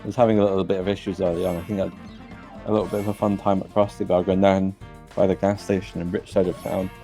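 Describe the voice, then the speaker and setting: A man giving relaxed, chatty live commentary on a speedrun race, with dry humor. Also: sits low, fast, soft background music.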